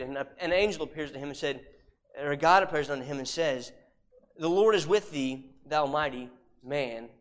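High-voiced man preaching a sermon. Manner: emphatic, with repeated rhetorical questions and sudden drops to a hush.

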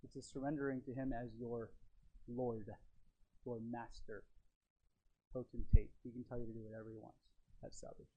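A man preaching a sermon as he teaches from his notes. He talks earnestly and emphatically, moving between loud stresses and quiet lines. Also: medium pitch, little pitch movement, normal speed, pauses often, slightly rough. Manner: teacherly, walks through notes and fill-in blanks.

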